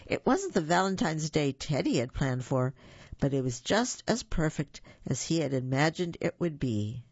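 Gravelly storybook reader. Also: medium pitch, very animated, moderate pace, no echo, muffled recording. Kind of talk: children's story read-aloud.

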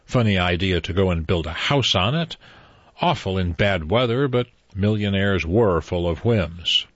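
A man reading a novel aloud as narrator, measured and even, in a dull, dry recording. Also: sits low, no room sound. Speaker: audiobook narrator. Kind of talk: scripted narration.

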